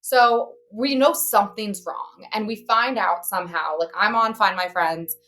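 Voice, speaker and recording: A woman's voice: mid-range voice, unhurried, pushed and bright. A young woman co-hosting a podcast, telling a story in a chatty way, saying "like" a lot and swearing bluntly. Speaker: podcast co-host. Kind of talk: casual storytelling chat.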